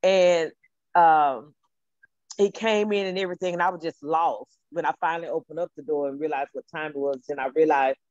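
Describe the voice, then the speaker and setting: A woman's voice: deep voice, fairly even intonation, moderate pace, a little mellow, no echo, dull audio. A woman calling in to a talk show, speaking in a heartfelt, emotional, repetitive way about her work. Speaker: caller. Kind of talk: casual call-in testimony.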